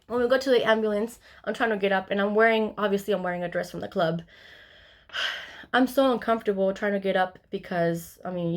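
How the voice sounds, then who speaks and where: A young woman recounts a personal story straight to her camera in a loose, casual way. She swears freely and jumps into the voices of the people in her story as she goes. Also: medium pitch. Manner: candid, swears freely, acts out her own quotes. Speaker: vlogger.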